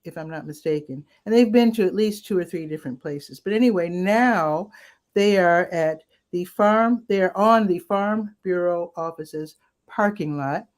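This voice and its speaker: A woman's voice: fairly low pitch, normal speed, a little mellow. A woman hosting a casual rundown of local weekend events, chatty and upbeat with asides, her voice cracking now and then. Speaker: community events host.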